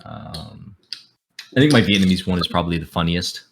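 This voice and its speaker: A man's voice: low voice, expressive, moderate pace, creaky, fairly bright tone, slight background noise. A young man from the United States, a streamer guest on a podcast, chatting casually and rambling with lots of fillers like "like" and "dude". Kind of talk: casual interview chat.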